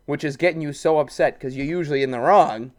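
A man's voice: on the high side, fast talker, over a noisy crowd. Joking man egging on his co-host. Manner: joking, egging on with crude quips. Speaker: podcast co-host. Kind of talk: casual podcast banter.

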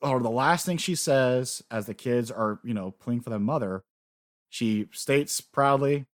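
A man co-hosting a casual podcast, excitedly recapping story events, swearing freely and acting out lines. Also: mid-range voice, unhurried, no room sound, studio quality. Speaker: podcast co-host. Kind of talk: casual anime recap chat.

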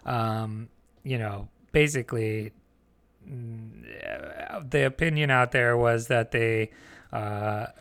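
A man's voice: medium pitch, slow, vocal fry. A man co-hosting a podcast, chatting casually about news with loose fillers and easy laughs. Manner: relaxed, laughs often, many fillers. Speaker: podcast co-host.

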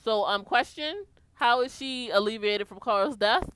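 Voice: mid-range voice, a little slow, fairly bright tone, smooth. A podcast co-host casually recapping a TV episode, walking through the plot and quoting characters. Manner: conversational, narrates plot beats, quotes characters.

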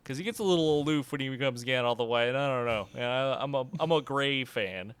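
A man's voice: medium pitch, brisk, a bit bright, clean tone, no echo. A man co-hosting a casual podcast chat, playful with theatrical flourishes.

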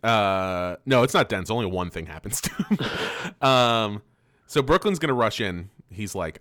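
A man co-hosting a casual podcast, recapping a cartoon episode with frequent laughter and quick silly voices for the characters. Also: fairly low pitch, animated, fairly bright tone, dry recording, studio quality. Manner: laughs often, loose and profane, acts out lines in quick silly voices. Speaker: podcast co-host.

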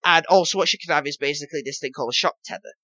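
Talking rapid-fire in a higher, sharp voice, a man rambles through explanations on the casual gaming podcast he co-hosts. He repeats himself and keeps saying "basically" and "obviously," and the sound is lo-fi with no echo.

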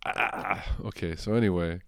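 A man's voice: low voice, normal speed, creaky, no room sound, studio quality. A young man with a New York accent co-hosting a podcast, rambling loosely and laughing often between remarks. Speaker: podcast co-host. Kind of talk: casual chat.

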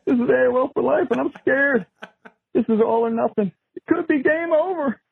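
A man leaves a voicemail in a mock-panicked, joking rant. His voice sits very high and gravelly. It comes through a tinny phone line with a dry, close sound. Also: normal speed, dry recording. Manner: jokey mock-panicked ranting. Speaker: voicemail caller.

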